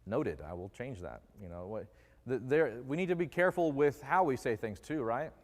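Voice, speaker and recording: A man's voice: medium pitch, expressive, moderate pace. Man preaching in a reverberant church. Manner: jokey, quizzes the congregation with questions. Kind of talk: conversational sermon. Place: church sanctuary. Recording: long reverb of a church hall.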